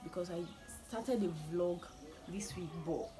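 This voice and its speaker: A woman's voice: on the low side, unhurried, music in the background. A young woman chatting to her viewers in a casual vlog from home, laughing often and restarting her sentences. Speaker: vlogger.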